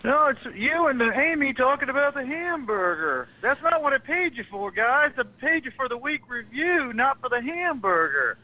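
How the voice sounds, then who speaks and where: A man's voice: very high voice, sing-song, normal speed, few pauses, bright, forceful tone, poor audio. A man, the station manager, complaining with exasperation over a line.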